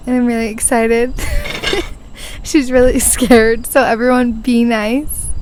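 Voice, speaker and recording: A woman's voice: sits high, a little hiss or hum. A woman in her twenties hosting a podcast, chatting and telling stories with lots of giggles, recorded outdoors on a porch. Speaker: podcast host. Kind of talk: casual chat.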